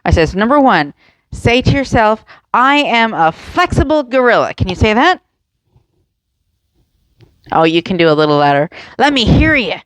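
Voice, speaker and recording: A woman's voice: mid-range voice, very animated, moderate pace, pauses often, dry recording. A woman leading a yoga lesson for children and their adults, encouraging, playful and full of questions to the kids. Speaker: kids' yoga instructor.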